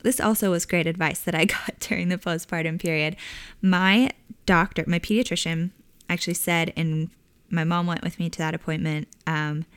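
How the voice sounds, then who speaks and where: Woman host, thirties, conversational and chatty; smooth, dry studio sound. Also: on the low side, fairly even intonation, normal speed, dry recording. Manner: warm conversational with frequent fillers and laughs. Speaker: podcast host. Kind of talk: casual advice talk.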